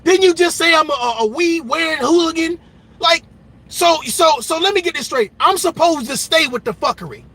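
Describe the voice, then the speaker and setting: A man hosting a reaction channel, delivering a loud, emphatic and mocking rant that keeps repeating itself. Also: extremely high pitch, normal speed.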